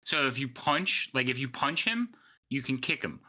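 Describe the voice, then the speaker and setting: A man acting as game master in an online tabletop game, explaining rules quickly and laughing often. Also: mid-range voice, animated, pushed and bright.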